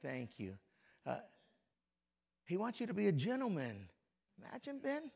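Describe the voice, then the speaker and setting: A middle-aged man preaching a lively, folksy sermon as a pastor, joking with the congregation and swinging between soft and loud. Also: high voice, measured pace, vocal fry. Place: church sanctuary before a congregation.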